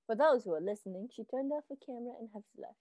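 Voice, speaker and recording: A woman's voice: on the high side, animated, fast talker, warm tone, no room sound. A young woman co-hosting a casual podcast, joking and laughing a lot as she talks. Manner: joking, chaotic, frequent laughter. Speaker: podcast co-host. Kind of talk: casual chat.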